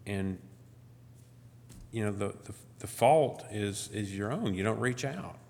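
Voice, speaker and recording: Low-voiced man preaching in a reverberant church. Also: lively intonation, slow, gravelly, darkish tone. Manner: conversational, frequent "you know" and restarts. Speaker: guest speaker. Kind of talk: sermon. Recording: long church hall reverb.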